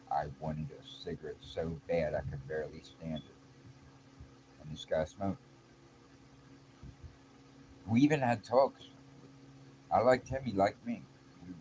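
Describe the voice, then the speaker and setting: A man telling a personal story in a casual, rambling and earnest way, with halting restarts. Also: deep voice. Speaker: vlogger. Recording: noisy background.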